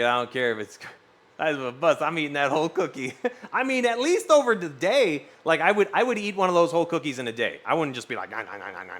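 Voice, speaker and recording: A man chats with his live-stream audience in a loose, rambling way, swearing freely. His voice sits a bit high and swings widely, jumping up for excited reactions. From US West Coast. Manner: animated, swearing, rambling storytelling. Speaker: streamer reading chat. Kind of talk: casual live-stream chat.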